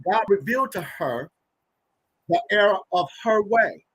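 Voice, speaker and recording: Thirties male guest, bright husky voice, emphatic storyteller, dry close sound. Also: sits high, lively intonation, unhurried, no room sound, rough recording. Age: 30s. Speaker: podcast guest. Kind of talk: personal storytelling in an interview.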